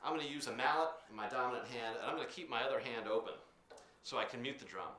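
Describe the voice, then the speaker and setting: A man teaching percussion technique, explaining patiently with frequent filler pauses while demonstrating drums. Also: medium pitch, bright, forceful tone, slight background noise. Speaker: percussion instructor. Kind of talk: instructional demonstration. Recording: echoey room with drum sounds.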